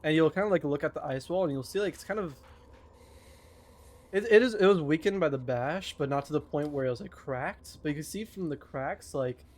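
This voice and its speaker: A man's voice: a little high, fairly quick, darkish tone. A man narrating a tabletop game as game master, in loose descriptions full of fillers.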